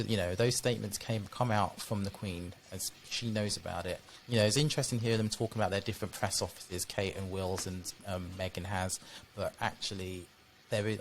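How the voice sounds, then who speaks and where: Deep-voiced man chatting. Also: vocal fry, slight background noise. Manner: conversational, full of tag questions. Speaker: podcast co-host. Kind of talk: casual chat.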